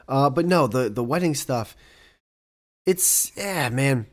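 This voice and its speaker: A man's voice: mid-range voice, animated, slow pace. A young man hosting his own podcast alone, talking casually in a rambling, profane way that keeps breaking off into asides. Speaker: podcast host. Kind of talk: casual solo podcast monologue.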